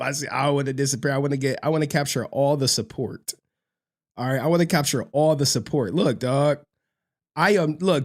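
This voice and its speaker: A man hosting a livestream reads out super chats with excitable, slangy commentary, breaking into shouts and laughter. His voice is medium in pitch.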